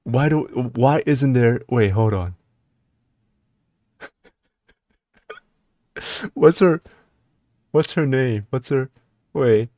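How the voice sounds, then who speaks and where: A male streamer chatting casually on a live stream, rambling and excitable, with frequent restarts. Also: very slow, long pauses, no echo. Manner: excitable, rambling, breaks into laughter and high-pitched disbelief.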